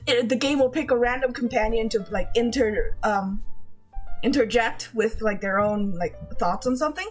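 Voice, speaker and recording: A woman's voice: a little high, normal speed, soft background music. A woman streamer chatting casually with her viewers, gushing, giggling often and swearing freely, with frequent restarts.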